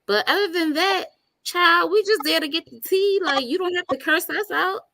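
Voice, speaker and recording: A woman hosting a casual chat, talking about online drama in a chatty, animated way with lots of slang. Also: very high voice, normal speed, gravelly, no room sound. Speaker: host.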